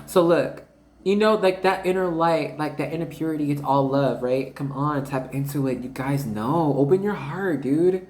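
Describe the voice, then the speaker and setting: A woman's voice: deep voice, moderate pace, a little mellow. A woman giving a casual spiritual card reading, rambling and slangy, constantly talking to her viewers as "you guys.". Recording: roomy echo.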